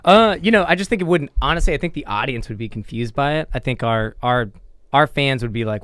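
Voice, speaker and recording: A man's voice: mid-range voice, lively intonation, fairly quick, fairly bright tone, no room sound, studio quality. A man from Southern California, the producer of a comedy podcast, joking in a mock self-important way.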